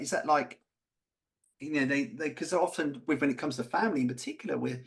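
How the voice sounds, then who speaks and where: A man's voice: mid-range voice, fast. A man co-hosting a podcast, talking candidly and passionately, swearing freely. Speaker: podcast co-host. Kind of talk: candid conversational chat.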